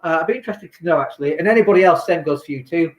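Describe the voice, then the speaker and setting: A man's voice: a little high, racing. A man who invests in property, talking casually on a livestream from home, rambling and reading viewer comments aloud. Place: home in lockdown. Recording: echoey room.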